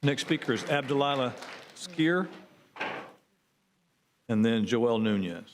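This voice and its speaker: A man as a council clerk reading names, brisk and matter-of-fact, faint hiss behind. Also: medium pitch, lively intonation. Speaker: meeting clerk calling speakers. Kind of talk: procedural announcements. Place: city commission chamber.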